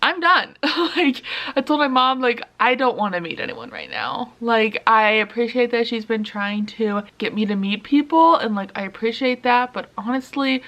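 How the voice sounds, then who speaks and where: A woman's voice: a little high, animated, normal speed, a bit bright. A young woman talking candidly to the camera in a confessional vlog, laughing between sentences. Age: young adult. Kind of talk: casual confessional vlog chat.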